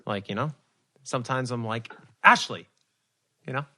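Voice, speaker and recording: A man's voice: mid-range voice, fairly quick, a bit bright. A man chatting casually on a video call, asking questions and laughing at himself. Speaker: podcast guest.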